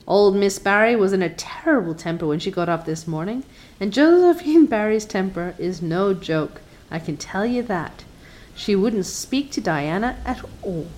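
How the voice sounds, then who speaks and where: A woman voicing a stern, gossipy older village woman in a storybook reading, with a brisk, scolding manner. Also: mid-range voice, a little mellow, close to an everyday voice.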